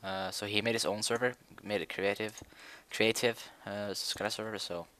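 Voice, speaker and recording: Young man, gaming commentary, lowish voice, bright tone, rambling, hesitant. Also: fairly even intonation, normal speed. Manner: rambling, hesitant, many fillers. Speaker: gaming video creator. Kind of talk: casual Minecraft commentary.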